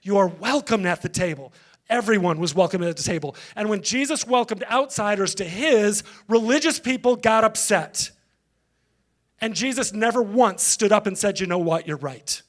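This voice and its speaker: A man's voice: sits high, normal speed. A male pastor giving a conversational sermon, engaging the congregation directly.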